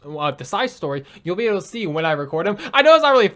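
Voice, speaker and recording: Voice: medium pitch, big pitch swings, very fast, fairly bright tone. A young adult gaming video creator giving emotional let's play commentary, swearing a lot.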